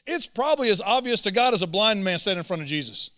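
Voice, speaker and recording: A man's voice: high voice, very animated, fast, hardly any pauses, bright, forceful tone. A man preaching a sermon as a pastor, earnest and emphatic, often repeating words as he presses a point. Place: church auditorium. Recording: long church hall reverb.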